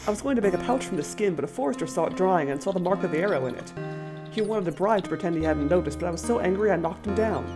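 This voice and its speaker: A woman's voice: fairly low pitch, expressive, very fast, natural voice. A woman reading the lines of an earnest young male outlaw recruit in her own plain voice, with no accent. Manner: plain read-aloud of game text, no accent. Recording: game music playing underneath.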